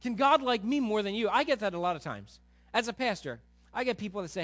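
A man preaching a sermon as a pastor, animated, acting out quoted voices, swinging from quiet to loud. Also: sits high, quick pace.

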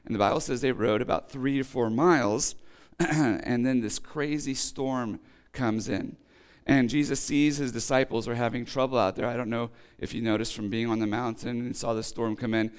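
A man preaching in an easygoing, conversational way, moving from a scripture reading into loose, chatty explanation. His voice sounds a little rough and strained, and his pitch sits in a middle range for a man. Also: fairly even intonation, normal speed. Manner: casual and chatty, rereads scripture then explains with asides and quips. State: voice acting up, slightly rough. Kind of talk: conversational sermon.

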